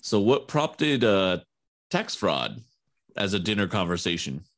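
A man's voice: fairly low pitch, sing-song, unhurried. A young man co-hosting a casual chat, with wry quips that steer the talk.

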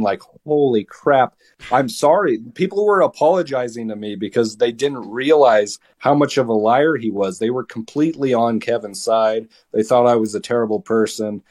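A young man in his late teens talks as a podcast guest. He tells his side of a story in a heated, lively way and often stumbles and restarts mid-sentence. His voice sits at an ordinary male pitch. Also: normal speed, hardly any pauses. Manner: heated, animated retelling with many restarts. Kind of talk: casual storytelling.

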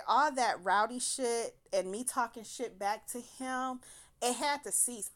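A woman's voice: medium pitch, a bit bright. A woman casually telling a personal story, swearing freely and laughing through her words.

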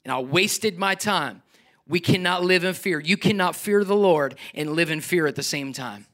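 A middle-aged man preaching a sermon as pastor, animated, climbing to near-shouts and then dropping to soft, quiet asides. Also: fairly high pitch, moderate pace.

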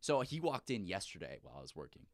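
A young man co-hosting a podcast, telling an animated story full of swearing. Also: low-pitched, fast, no room sound, clean studio sound. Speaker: podcast co-host. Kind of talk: casual chat.

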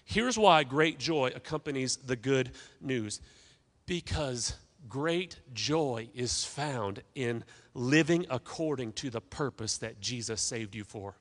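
A man's voice: medium pitch, animated, slow pace. A man preaching a sermon as pastor, emphatic, with call-and-response asides to the congregation. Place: church sanctuary.

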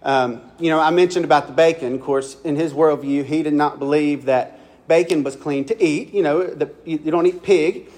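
A male pastor from Kentucky preaches a sermon in a slightly high voice with a darkish tone at normal speed. He sounds loose and conversational, like telling a story to friends, and often restarts a phrase before finishing it.

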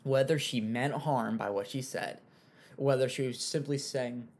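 A young man giving casual, rambling commentary on an online feud, with frequent fillers and animated asides. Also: mid-range voice, measured pace. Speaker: commentary host.

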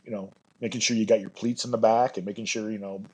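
Male podcast guest, bagpiper; husky, breathy tone; enthusiastic, meandering delivery. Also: lowish voice, flat delivery, quick pace, a little mellow, low-quality recording. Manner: earnest, rambling, enthusiastic. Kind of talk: casual podcast chat.

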